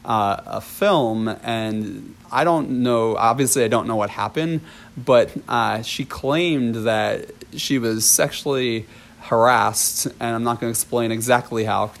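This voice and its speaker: Man, storytime vlog, chatty, laughs a lot, filler ums, mid pitch. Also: unhurried, vocal fry. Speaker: dance teacher.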